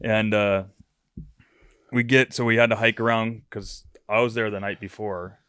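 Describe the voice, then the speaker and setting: Guy ribbing his buddy while telling a hunt story, smooth clear voice, dry sound. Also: on the low side, moderate pace, dry recording. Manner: teasing, loose storyteller who acts out others' excitement. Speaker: podcast co-host and bear hunter. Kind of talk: casual storytelling chat. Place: indoors in a cabin.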